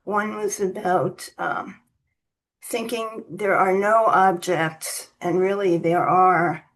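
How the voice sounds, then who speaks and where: A woman's voice: on the low side, steady tone, takes it slowly, poor audio. A woman at a satsang asking the teacher a question, hesitant and searching for words.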